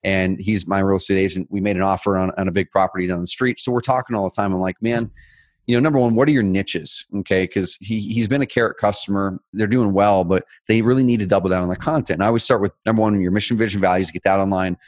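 A man co-hosting a casual business chat, telling stories with lively energy. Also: sits low, no room sound. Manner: energetic, fast, animated storytelling. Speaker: co-host.

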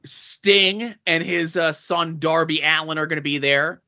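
A man's voice: a little high, little pitch movement, unhurried, bright, forceful tone. A man co-hosting a casual podcast, reading off convention guest lists with dry asides. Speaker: podcast co-host.

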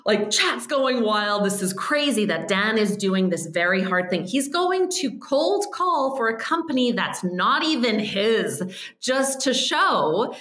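A woman, a podcast guest, telling stories in a casual chat, animated and quick, often saying "like" and "um". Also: mid-range voice, echoey room. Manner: animated, quick storytelling with frequent "like" and "um".

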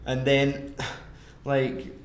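A man's voice: mid-range voice, monotone, extremely slow, a little hiss or hum. Male podcast co-host, loose sweary banter, roomy sound. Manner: sweary, rambling, joking. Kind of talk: casual movie review chat.

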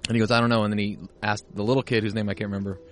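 A man's voice: on the low side, little pitch movement, very fast, fairly bright tone. A man co-hosting a podcast in casual chat, swearing and telling stories with jokes. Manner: crude, joking storyteller. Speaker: podcast co-host. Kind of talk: casual chat over a film.

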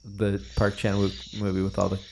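A man's voice: lowish voice, moderate pace, creaky, a little hiss or hum. A man hosting a podcast, chatting casually and telling stories with jokes. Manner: joking, animated storytelling. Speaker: podcast host. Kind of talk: casual chat.

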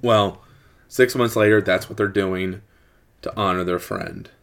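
A man in casual chat, retelling a horror movie plot in a rambling, animated way. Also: deep voice, measured pace, clean tone. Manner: rambling, animated storytelling with acted quotes.

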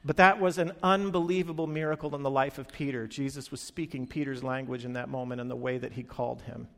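A man's voice: medium pitch, fairly even intonation, quick pace, gravelly. A man preaching a sermon, telling the story with animation and acting out the quoted lines. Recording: long hall reverb.

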